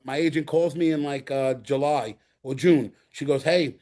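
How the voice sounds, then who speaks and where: In an interview built around storytelling, a guest actor, a middle-aged New Yorker from the Bronx, recounts animated anecdotes. He performs the quotes, repeats himself, and talks at a moderate pace in a mid-range voice.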